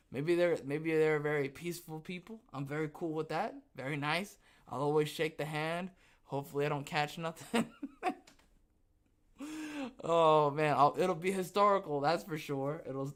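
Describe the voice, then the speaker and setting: A man's voice: a little high, a bit bright. A man hosting a livestreamed podcast, talking casually and rambling, often laughing and tagging his sentences with "okay?". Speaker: podcast host.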